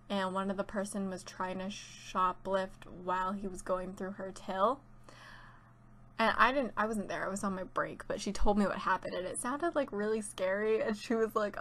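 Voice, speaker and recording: A woman's voice: medium pitch, fairly bright tone, slight background noise. A young woman chatting casually and rambling about her week, with many fillers and laughs. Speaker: gaming YouTuber. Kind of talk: casual chat while playing.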